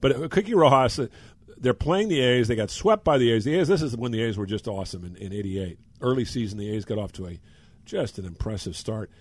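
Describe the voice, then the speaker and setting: An older man hosts a casual sports talk show, spinning animated stories about the game. His voice sits at an ordinary pitch and sounds close and dry, with no room around it. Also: fast talker, dry recording. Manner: storytelling, animated in anecdotes. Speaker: sports radio host and former reporter.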